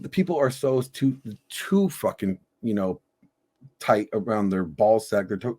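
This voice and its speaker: A middle-aged man co-hosting a reaction show, telling stories in a loose, animated, profane way. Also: on the low side. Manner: animated storyteller, swears freely. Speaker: podcast co-host reacting to a video. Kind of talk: casual profane reaction chat.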